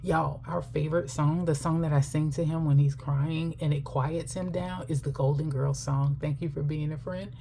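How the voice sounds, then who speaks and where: A woman's voice: sits low, steady tone, normal speed, few pauses, mellow, a little hiss or hum. A middle-aged woman telling a personal story while chatting casually to camera about her finances, laughing often.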